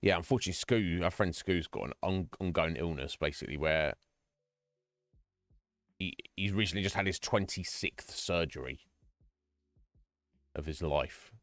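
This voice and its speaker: A man with a low, deep voice talks earnestly to his stream chat, rambling and restarting his sentences as he goes. The sound is dry and close, with no room echo. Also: moderate pace, pauses often, a bit bright, soft background music. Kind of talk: casual chat.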